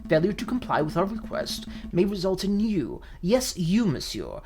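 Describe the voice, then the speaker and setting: A stern, cunning male falcon lawyer, voiced by a woman, firm and commanding. The voice drops low and moves in wide sweeps, with faint music behind. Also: sing-song, moderate pace, darkish tone. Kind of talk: voicing a game character while reading.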